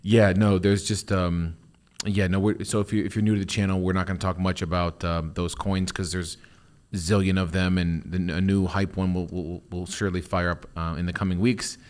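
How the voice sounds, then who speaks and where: A man's voice: low voice, flat delivery, normal speed, a little mellow. A man running a casual stock market livestream, passing questions to the panel and teasing them, with plenty of hesitation. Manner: joking, hesitant with fillers. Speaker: livestream moderator.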